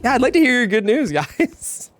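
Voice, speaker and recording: A man's voice: very high-pitched, expressive, fairly quick, soft background music. A man streaming, chatting casually as he reacts to his own run, laid-back, swearing and laughing often. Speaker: game streamer.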